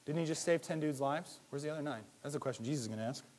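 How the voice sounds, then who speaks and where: Animated man preaching a sermon. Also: a little high, very fast. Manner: animated, conversational, rhetorical questions, jumps between loud and hushed. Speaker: pastor.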